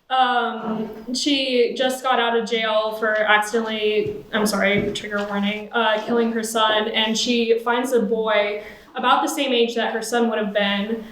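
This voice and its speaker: A young woman on stage reading an excerpt of her own fiction in a steady first-person voice. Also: fairly high pitch, roomy sound, rough recording. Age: young adult. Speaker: student reader. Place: stage at a live event.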